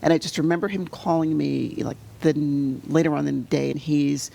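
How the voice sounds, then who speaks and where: A middle-aged woman telling a painful personal story as an interview guest, halting and full of fillers, sometimes sinking to a near-whisper. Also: deep voice, steady tone, gravelly. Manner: halting, full of "you know" fillers and restarts; drops to a soft near-whisper at painful moments. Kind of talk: emotional personal storytelling in conversation.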